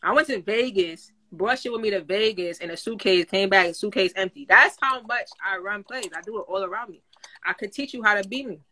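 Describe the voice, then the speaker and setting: A woman coaching listeners on credit in a casual livestream, talking in animated slang and laughing often. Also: medium pitch, fairly quick. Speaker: credit coach teaching a class. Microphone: phone.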